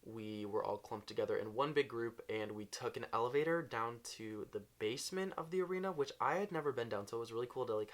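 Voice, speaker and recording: A young man telling a storytime vlog, bubbly and gushing, with "like" in nearly every line. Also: mid-range voice. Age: young adult. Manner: bubbly, gushing, says "like" constantly. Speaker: vlogger.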